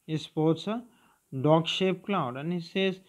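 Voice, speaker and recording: A man, teaching a children's lesson, who keeps asking "okay?" and "clear?". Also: on the high side, slow pace. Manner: repetitive, checking understanding with "clear?" and "okay?". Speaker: English teacher. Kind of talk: recorded primary school lesson.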